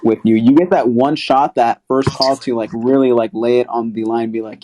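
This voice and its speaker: Laid-back slangy man, mellow voice. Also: medium pitch, brisk. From Texas. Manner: laid-back slangy talk with many fillers. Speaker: apartment locating broker and host. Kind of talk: casual group audio chat.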